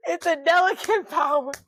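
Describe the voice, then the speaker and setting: A woman in her twenties co-hosting a podcast, telling stories in a loud, boisterous way with lots of swearing and laughter. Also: very high-pitched, dry recording. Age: 20s. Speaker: podcast co-host. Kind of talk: casual chat.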